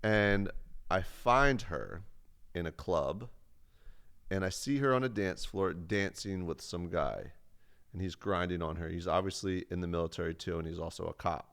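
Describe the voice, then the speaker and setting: Low-voiced man telling a rambling story. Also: moderate pace, creaky, a bit bright, clear, resonant tone. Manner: rambling, profane, self-mocking. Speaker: livestreamer telling a personal story. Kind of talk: casual storytelling on a livestream.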